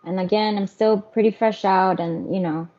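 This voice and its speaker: A middle-aged woman telling her personal story as an interview guest, candid and animated. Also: medium pitch, moderate pace. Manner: candid, animated, mimics others. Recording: muffled lo-fi audio.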